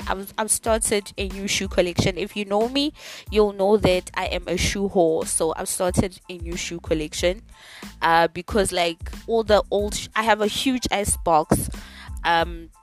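Animated, dramatic young woman podcaster. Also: mid-range voice. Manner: animated, dramatic, swearing freely. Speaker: podcast host. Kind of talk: casual chat.

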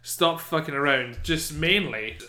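A man chatting casually as a podcast co-host, animated and swearing, often acting out characters in silly voices. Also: fairly high pitch, a little slow. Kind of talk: casual chat. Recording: echoey room.

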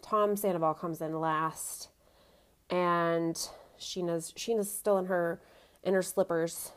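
A woman's voice: on the low side, steady tone, slow, clear, resonant tone. A woman recapping a reality TV reunion in casual chat, opinionated and full of fillers. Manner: chatty, opinionated, many fillers like "um" and "you know".

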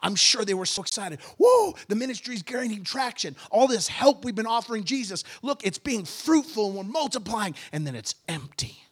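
A pastor preaching with a high, bright-edged male voice. He surges from steady teaching into impassioned, near-shouted climaxes, carrying the congregation with him. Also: moderate pace, hardly any pauses, husky. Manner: impassioned, rising to shouts at peaks. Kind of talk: sermon.

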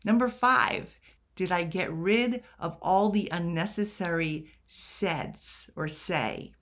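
Slow, chatty woman teaching writing. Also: sits low, fairly bright tone. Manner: chatty, rhetorical questions, self-deprecating asides. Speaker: writing coach. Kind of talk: casual editing tutorial.

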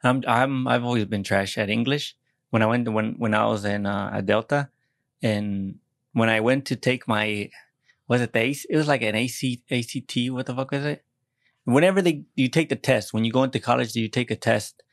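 This podcast co-host is a young American man whose mid-range voice moves a little fast, recorded at studio quality with no echo. His casual talk is rambling and self-deprecating, full of swearing and restarted sentences.

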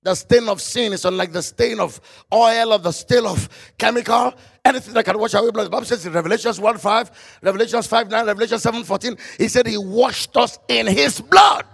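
A man preaching a fervent sermon, quoting scripture in old-style phrasing and breaking into shouts. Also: high voice, fairly quick, vocal fry, slightly rough.

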